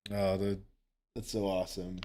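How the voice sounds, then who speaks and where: A man chatting casually on a live game stream, excitable, laughing often and swearing casually as he talks to viewers. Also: low-pitched, normal speed, a little hiss or hum. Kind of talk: casual live-stream chat while gaming.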